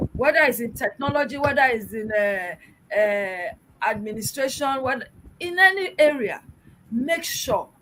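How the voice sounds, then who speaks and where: A woman's voice: high voice, a bit bright, a little hiss or hum, low-quality recording. A middle-aged woman from Nigeria, a public relations expert answering interview questions in an emphatic, exhorting way, full of rhetorical questions.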